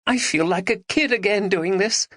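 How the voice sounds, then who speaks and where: A man voicing an excitable young woman at a goth festival in an audiobook, high-strung and breathless. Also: normal speed, dry recording, studio quality. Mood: giggly.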